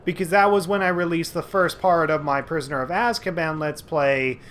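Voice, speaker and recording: A man's voice: fairly high pitch, moderate pace, fairly bright tone. A man giving casual, rambling commentary over a video game he is playing at home, with lots of fillers and restarts. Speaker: let's play host.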